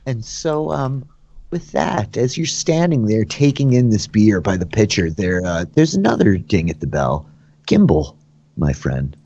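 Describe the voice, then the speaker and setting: A man's voice: on the low side, big pitch swings, unhurried, gravelly, dark tone, breathy edge. A man running a tabletop game as dungeon master, narrating loosely and chattily with many fillers. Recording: dull lo-fi sound in a dry room.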